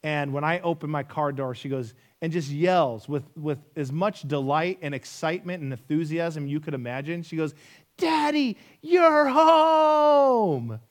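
A man's voice: a little high, steady tone, moderate pace, few pauses. A man in his thirties preaching a sermon, emphatic, repeating key phrases and asking rhetorical questions. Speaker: pastor.

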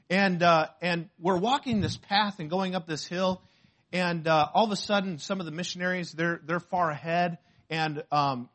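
A man, a pastor, preaching a sermon and telling a story from his own life in an animated way. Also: a little high. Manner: animated storytelling, shouts when acting out pain.

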